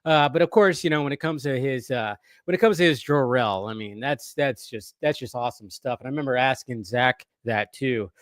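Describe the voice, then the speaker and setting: A man's voice: mid-range voice, fairly quick, few pauses, no echo, studio quality. A man hosting a casual movie-news live stream, rambling, restarting his sentences and reading viewers' messages aloud. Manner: rambling, restarts often, reads chat aloud.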